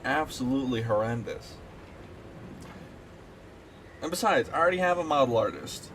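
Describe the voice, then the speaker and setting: A man's voice: mid-range voice, lively intonation, normal speed, a bit bright, slight background noise. A man streaming a game, chatting casually and ranting animatedly with plenty of swearing. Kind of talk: casual gaming stream chat.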